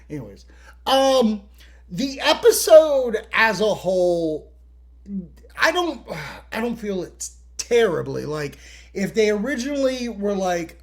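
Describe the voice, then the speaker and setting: A man's voice: high voice, a little slow. A man hosting a podcast, recapping a TV episode in casual, profane talk and acting out scenes. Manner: animated, profane, acts out scenes. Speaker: podcast host.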